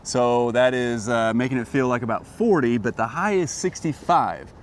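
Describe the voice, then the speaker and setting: A man's voice: medium pitch, normal speed, slight background noise. A man hosting a casual farm vlog outdoors, talking affectionately and teasingly to his animals. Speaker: host.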